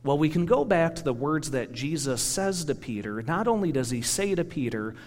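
A man's voice: on the high side, moderate pace. Man preaching in a reverberant hall. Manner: storytelling with personal anecdotes, animated and conversational. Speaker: pastor. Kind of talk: sermon.

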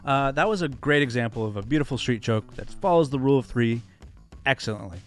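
A man's voice: mid-range voice, animated, fast talker, faint music behind. A man hosting a casual monologue about comedy, earnest and enthusiastic, with plenty of fillers. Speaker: host, comedy editor and stand-up comic.

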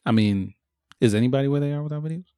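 A man's voice: medium pitch, rapid-fire, dark tone, clean tone, no echo. A man co-hosting a podcast, with a mid-range voice and an easygoing, conversational delivery. He holds his ground in the back-and-forth, and the recording is dry and close. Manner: laid-back, defensive banter with mock voices. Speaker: podcast co-host. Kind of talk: casual chat.

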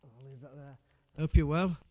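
A man's voice: on the high side, fairly even intonation, normal speed, darkish tone. A man hosting a casual music chat, full of teasing, jokey banter. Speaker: host.

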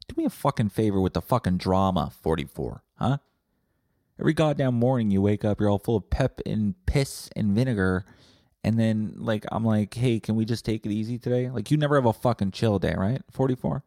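Male podcast host, sarcastic profane rambler, low voice, dry close sound. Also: brisk, dark tone, dry recording. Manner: rambling, sarcastic, swears a lot. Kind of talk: comedic profane rant.

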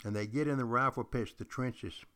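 A man's voice: mid-range voice, normal speed, fairly bright tone, clean tone. An older man, a retired teacher, hosting a podcast and telling history in an emphatic, repetitive way, speaking straight to his listeners. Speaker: podcast host. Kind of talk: storytelling history lecture.

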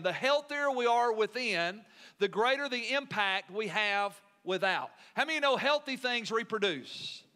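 A man's voice: high-pitched, sharp tone. A male pastor preaching a sermon in an earnest, emphatic way, often asking the congregation questions.

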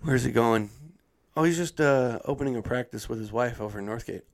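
A man casually telling a funny story on a podcast, acting out other people's lines with a lively put-on voice. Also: mid-range voice, a little fast.

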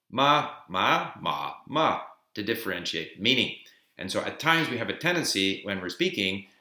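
Lively low-voiced man explaining in a roomy space. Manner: explanatory, emphatic, with frequent fillers. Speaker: language teacher sharing learning tips. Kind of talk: informal explanatory talk. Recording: roomy echo.

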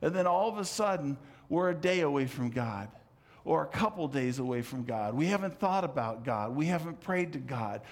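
A middle-aged male pastor delivering a sermon, swinging from loud emphatic calls to soft, low asides. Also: lively intonation, moderate pace.

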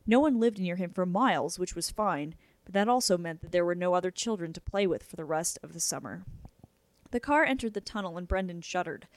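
A young woman hosting a podcast, reading a book chapter aloud in a casual, steady way. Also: on the low side, a little fast, dry recording. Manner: casual, chatty intro then steady reading.

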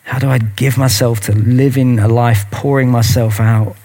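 A man's voice: mid-range voice, steady tone, moderate pace, mellow. A man preaching a sermon and leading a prayer in an earnest, intimate manner. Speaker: pastor.

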